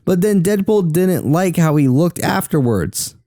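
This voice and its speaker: A young man with a Southern US accent, co-hosting a casual movie watch-along podcast, quick to agree and easily excited. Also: a little high, no echo, studio quality. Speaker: podcast co-host.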